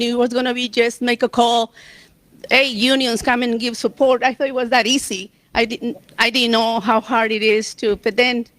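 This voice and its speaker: Emotional woman, high voice. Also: a bit bright, dry recording. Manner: emotional, near tears, laughs between memories. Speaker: striking union member on a panel. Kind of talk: personal storytelling on a panel.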